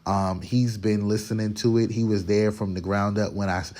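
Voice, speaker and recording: In his home kitchen, a man cooks for his family and records a casual vlog on a phone camera, speaking straight to viewers and restarting sentences as he chats. This podcast host has a fairly low, darkish voice with little pitch movement and a moderate pace.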